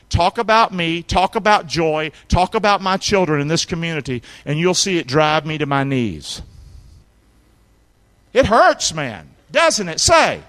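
A man preaching a sermon as a pastor, with emphatic call-and-response and sudden shouted lines for emphasis. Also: high-pitched. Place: church sanctuary.

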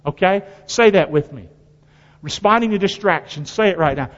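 A male pastor preaching a sermon in a folksy call-and-response style, his delivery swinging from loud to hushed. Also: high-pitched, lively intonation, moderate pace. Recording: dull sound with long hall reverb.

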